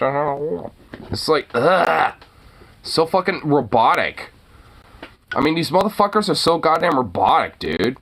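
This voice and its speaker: A man's voice: a little high, very animated, a little slow, a bit bright. A man hosting a casual talk show, ranting in a profane, rambling way full of fillers. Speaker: host. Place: lives in Portland.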